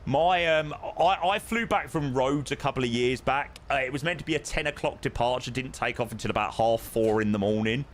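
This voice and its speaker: A man's voice: medium pitch, fairly quick, hardly any pauses, a little hiss or hum. A young man casually chatting with his live-stream viewers while flying a sim, matey and greeting people by name.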